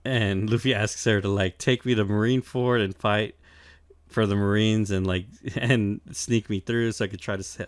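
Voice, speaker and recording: Chill guy on a podcast, lowish voice, swearing, laughing, lots of um and like, dry mic. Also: fairly even intonation, normal speed, no echo. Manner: loose and profane, laughs often, many fillers. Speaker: podcast co-host. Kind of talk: casual chat, recapping an anime.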